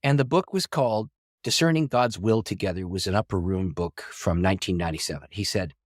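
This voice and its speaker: A middle-aged man, a pastor and author, telling a long story in an interview with animated delivery, acting out quoted dialogue and laughing often. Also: sits low, a little fast, no echo, studio quality. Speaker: pastor and author, podcast guest.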